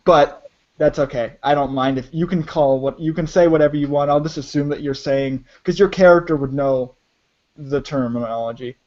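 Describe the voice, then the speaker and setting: A man's voice: a little high, moderate pace, a little mellow. A man narrating as game master of a tabletop game, talking hesitantly with many restarts. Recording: dull lo-fi audio.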